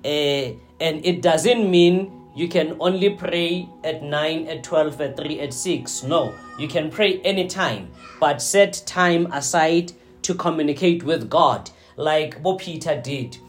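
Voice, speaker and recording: A man preaching a sermon, slow and deliberate, often checking in with his listeners. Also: on the high side, faint music behind. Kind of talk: sermon teaching.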